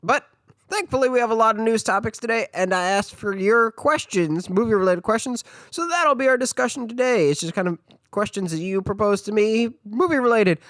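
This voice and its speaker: A man's voice: sits high, expressive, brisk, fairly bright tone, dry recording. A man with a congested voice, hosting a casual solo movie podcast and chatting with enthusiasm. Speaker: podcast host.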